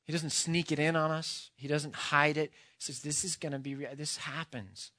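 A man preaching a sermon, earnest, moving from quiet, hushed passages to loud, impassioned ones. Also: on the high side, flat delivery, normal speed, no room sound, studio quality. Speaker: pastor.

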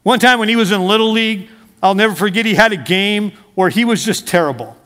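A man's voice: sits high, quick pace, a bit bright, big-room sound. A middle-aged male pastor preaching a conversational sermon, asking his congregation questions and mixing in humor.

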